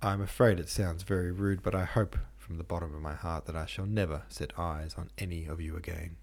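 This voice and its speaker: A man's voice: low-pitched, steady tone, brisk, vocal fry, a little mellow. A man voicing a restless young clerk who speaks bluntly. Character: young male articled clerk, restless and defiant.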